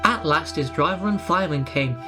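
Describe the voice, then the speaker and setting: A narrator reading a children's railway storybook aloud in a brisk, clear way. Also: medium pitch, over loud music.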